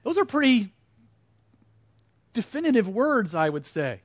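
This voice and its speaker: A man's voice: very high voice, sing-song, a little slow, dry recording, highs cut off. A man teaching a Bible study class in a conversational way, putting questions to the group and repeating their answers back to them.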